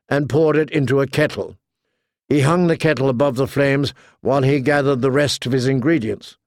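Gravelly male audiobook narrator. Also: mid-range voice, no room sound, studio quality. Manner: steady storytelling. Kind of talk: scripted narration.

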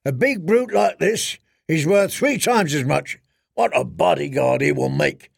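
Brash male auctioneer, voiced by a man: loud, high, pushy, dry room. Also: unhurried, vocal fry, breathy edge, dry recording, exaggerated voice. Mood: hawking. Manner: barking, salesman-like.

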